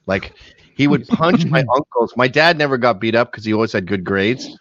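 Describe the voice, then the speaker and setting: Animated middle-aged man with Canadian accent. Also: medium pitch, moderate pace, no echo. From born in England, raised in Canada. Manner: animated storyteller who shouts out quoted lines. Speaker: podcast guest. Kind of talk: casual storytelling. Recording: dry, slightly dull podcast mic.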